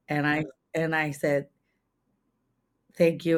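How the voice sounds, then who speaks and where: A woman's voice: fairly low pitch, fairly even intonation, a little slow, long pauses, darkish tone. A woman in her thirties, a farmer and former restaurant owner, telling a personal story in an earnest, conversational way, full of "like" and restarts, her voice climbing when she is moved.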